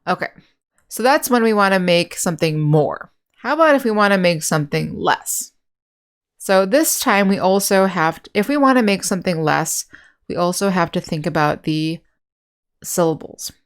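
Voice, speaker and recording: Woman english teacher, kinda low voice, patient, walks thru grammar w/ examples. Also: expressive. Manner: patient, explains step by step with examples; slows to spell out and repeat example words. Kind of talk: grammar lesson.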